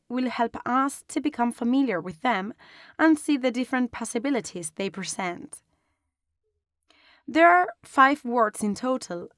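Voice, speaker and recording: A woman explaining a design lesson step by step in a calm, instructional way, recorded as a close voice-over. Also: fairly high pitch, no room sound. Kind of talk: online lesson narration.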